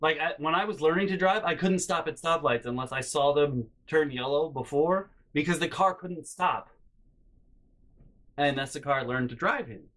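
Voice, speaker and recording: A young man telling comedic personal stories in a rambling, animated way, with loud acted-out outbursts. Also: on the high side, moderate pace. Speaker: storytelling vlogger.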